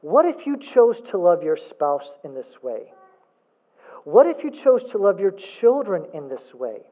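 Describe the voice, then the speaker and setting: A man's voice: high voice, sing-song, a little slow. A man preaching a sermon as a pastor, emphatic, asking rhetorical questions and repeating points for emphasis. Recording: phone-like thin sound.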